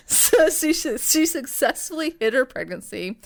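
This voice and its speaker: A woman's voice: high voice, big pitch swings, moderate pace, gravelly. A woman co-hosting a podcast, telling a story in casual chat, rambling with lots of fillers and swearing. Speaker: podcast co-host.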